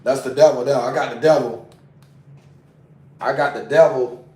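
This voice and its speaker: A man's voice: medium pitch, fairly even intonation, normal speed, a little mellow, far from the mic. A man on a casual livestream, talking in an agitated, profane way and repeating himself, recorded away from the mic. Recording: roomy sound, away from mic.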